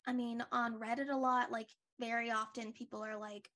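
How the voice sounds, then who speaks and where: A woman's voice: fairly high pitch, little pitch movement, moderate pace, bright, forceful tone. A young woman co-hosting a podcast, chatting casually and rambling with lots of likes and restarts. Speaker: podcast co-host. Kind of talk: casual recap chat.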